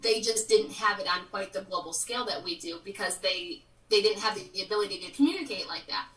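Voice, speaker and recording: A woman's voice: mid-range voice, fairly quick, a bit bright. Frank woman, distant in a roomy space. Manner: frank, opinionated. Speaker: interview guest. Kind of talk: casual live-stream interview.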